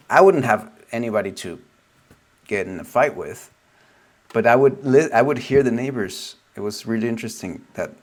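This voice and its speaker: A man giving a casual spoken teaching as a spiritual teacher, reflective and meandering, often trailing off softly. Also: fairly low pitch.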